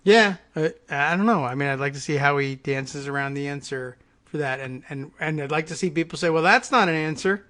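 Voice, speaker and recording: A man's voice: fairly high pitch, brisk, few pauses, a bit bright. A man hosting a podcast, chatting casually about politics with lots of hesitant restarts and easy laughs. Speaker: podcast host.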